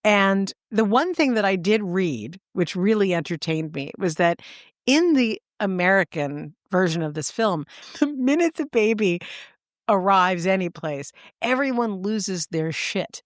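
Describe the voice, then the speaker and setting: A woman co-hosts a chatty podcast, spinning animated stories and breaking into laughter as she acts out what others said. Her voice sits at a middle pitch. The recording is dry and close, with no room sound. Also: unhurried, no room sound. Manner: animated storyteller, laughs often, acts out quotes. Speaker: podcast co-host. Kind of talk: casual chat.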